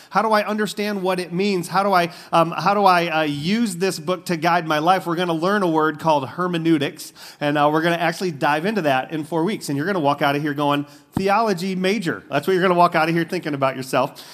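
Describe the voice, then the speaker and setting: A man's voice: a little high, a bit bright. Casual, talkative male pastor preaching. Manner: casual, conversational preaching with fillers and asides. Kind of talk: sermon.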